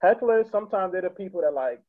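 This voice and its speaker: Guesting on a podcast, a young Connecticut comic tells casual stories about comedy clubs, talking rapidly and profanely with lots of animation and his own laughter mixed in. His somewhat high male voice sounds thin and tinny, as if on a phone call.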